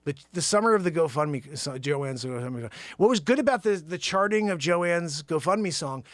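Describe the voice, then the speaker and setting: A man hosting his own show, riffing an improvised comedy monologue with sudden loud shouted bursts. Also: fairly high pitch, animated, normal speed, no room sound. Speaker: show host.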